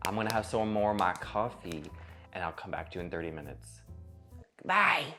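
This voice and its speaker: A man's voice: fairly low pitch, sing-song, a little fast, bright, forceful tone. A man hosting a comedic cooking vlog in his home kitchen, sarcastic and profane, with theatrical asides. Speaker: cooking vlogger. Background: faint music.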